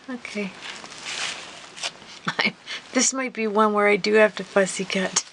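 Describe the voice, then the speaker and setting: Woman, crafting tutorial host, slow chatty murmur, gravelly fry, faint background hiss. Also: mid-range voice, steady tone. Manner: soft murmuring while working, bursting into laughter and giggly apologies. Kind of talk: casual crafting tutorial chat. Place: home craft room. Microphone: camera mic.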